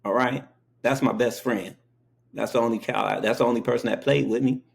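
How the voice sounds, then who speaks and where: A man's voice: mid-range voice, fairly even intonation, a little fast, creaky. A man hosting an interview in casual chat, telling stories animatedly and acting out the quotes. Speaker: interview host.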